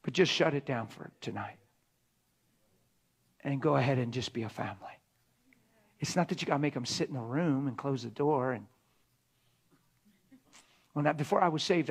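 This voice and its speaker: A middle-aged man preaching in a conversational sermon, often dropping to a hushed whisper for emphasis. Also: medium pitch, husky.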